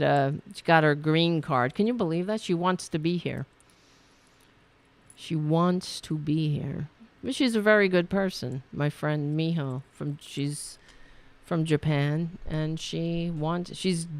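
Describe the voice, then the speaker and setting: A woman hosting her own talk show, chatting loosely as she signs off, her voice worn and going hoarse. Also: sits low. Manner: rambling, chatty, trails off and restarts. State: losing her voice. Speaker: podcast host. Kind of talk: casual talk show sign-off.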